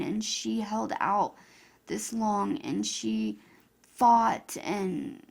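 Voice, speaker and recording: A woman's voice: mid-range voice, big pitch swings, extremely slow, creaky, a little mellow. A woman vlogger talking emotionally and chattily to her viewers. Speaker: YouTuber. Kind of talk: casual vlog commentary.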